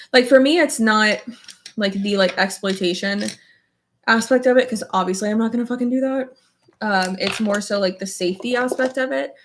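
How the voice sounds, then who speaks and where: A young woman chats through a get-ready-with-me video at home, her speech looping through fillers and casual swearing. She sounds open and emotional, laughing easily and sometimes close to tears. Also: mid-range voice. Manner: emotional, tearful at times, laughs often. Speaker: beauty vlogger. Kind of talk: casual chat while doing makeup.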